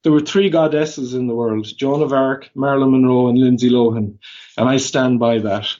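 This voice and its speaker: An Irish man, a podcast guest, telling animated stories casually and acting out the dialogue. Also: medium pitch. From Ireland. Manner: animated, quick anecdotes with quoted dialogue. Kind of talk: casual storytelling. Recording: slightly dull lo-fi audio.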